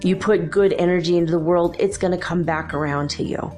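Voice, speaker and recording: Here the spiritual talk show host speaks fairly quickly in a lowish, slightly mellow voice with fairly even intonation. Faint music plays behind her rambling, chatty delivery, thick with "you know" and "like."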